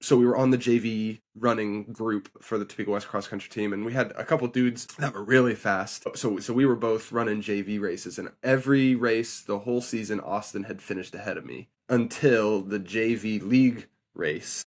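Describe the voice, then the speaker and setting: A young man, the older brother, telling a story in a lively way with frequent laughs. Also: fairly low pitch, normal speed, few pauses. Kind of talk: casual storytelling.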